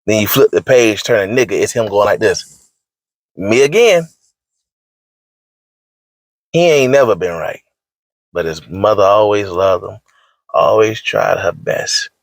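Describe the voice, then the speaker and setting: An online commentator whose voice sits on the low side, with vocal fry, speaks at a normal speed in a dry recording. His rant is slangy, scolding and preachy, and he emphatically repeats his points to drive them in.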